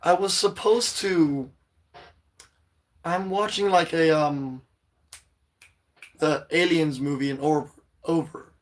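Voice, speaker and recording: A man hosting a casual livestream, greeting viewers and rambling excitedly about shows and quotes, with a voice still a little hoarse. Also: fairly high pitch. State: voice slightly hoarse, recovering. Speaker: livestream host reading chat.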